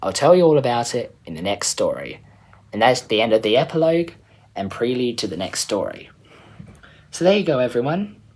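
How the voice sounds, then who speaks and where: A man's voice: mid-range voice, sing-song, a little fast, darkish tone, husky. A man reading his own story aloud in a casual, chatty way as the channel's storyteller. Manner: casual, chatty, a little rambling.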